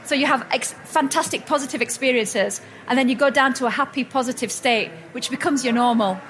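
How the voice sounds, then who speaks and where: A woman's voice: high voice, a little fast, a little hiss or hum. A woman giving a motivational talk at a live event, telling stories and often restarting her sentences. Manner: warm storytelling, frequent restarts and self-corrections. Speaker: speaker at a personal growth expo. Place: event hall with audience.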